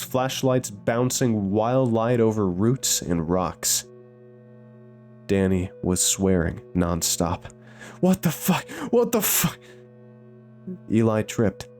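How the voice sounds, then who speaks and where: A man narrating a scripted horror story with a measured, suspenseful delivery. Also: lowish voice, a little mellow.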